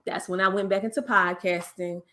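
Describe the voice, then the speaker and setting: A woman guest speaks with a Southern US accent and a country twang. She tells her story in lively casual talk, slipping into other voices. Her tone is bright and forward. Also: medium pitch, normal speed. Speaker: podcast guest.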